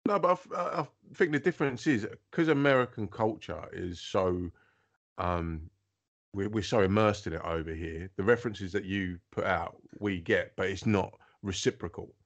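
A man's voice: low voice, normal speed. A British man in casual podcast chat, chatty and self-mocking, often restarting his sentences. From Britain. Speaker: podcast co-host.

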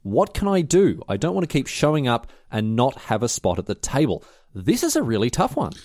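A man's voice: medium pitch, a little fast, no room sound, studio quality. A man co-hosting a casual podcast, jokey and rambling. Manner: animated, jokey, rambling with restarts. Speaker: podcast co-host.

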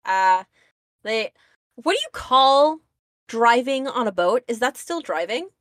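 Woman co-host, fairly high voice, dry close sound, playful recap. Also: expressive, slow pace, fairly bright tone, no echo. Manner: playful, reads lines aloud in voices. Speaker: podcast co-host. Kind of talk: casual chat about comics.

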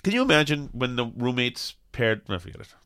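Sarcastic bright-voiced male host. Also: mid-range voice, sing-song, fairly quick, clear, resonant tone. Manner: sarcastic, jokey, riffing. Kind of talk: casual radio chat.

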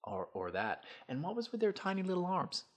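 A man's voice: sits high, wildly swooping pitch, brisk. A man co-hosting a casual podcast from an apartment, joking around and swearing freely. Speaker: podcast co-host. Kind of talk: casual chat.

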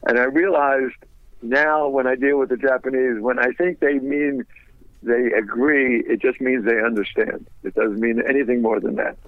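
An older man, a guest on a radio interview, telling anecdotes in a lively way and laughing through his stories. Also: medium pitch, moderate pace, no echo. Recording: dull, dry lo-fi sound.

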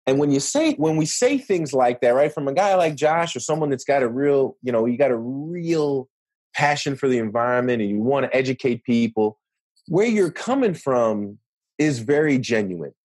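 A man's voice: mid-range voice, animated, normal speed, darkish tone, no room sound. A man speaking as a podcast guest, explaining in an earnest, conversational way and often adding "right?" to check in. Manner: earnest, explanatory, many rhetorical "right?" tags. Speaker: podcast guest, negotiation expert. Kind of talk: casual interview talk.

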